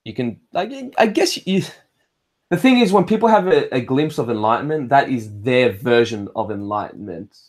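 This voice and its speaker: An Australian man hosting a laid-back livestream, his voice sitting at an ordinary middle pitch. He drifts from thought to thought, swears freely and often breaks off to restart a sentence. He reads viewer comments and answers them in an easy, conversational way. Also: expressive, normal speed. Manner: rambling and swearing, with frequent restarts. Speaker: livestream host. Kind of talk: casual livestream chat.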